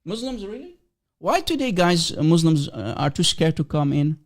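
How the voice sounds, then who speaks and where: A man's voice: fairly high pitch, big pitch swings, moderate pace. A man hosting a livestream, delivering a combative monologue full of mocking, taunting rhetorical questions. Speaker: livestream host.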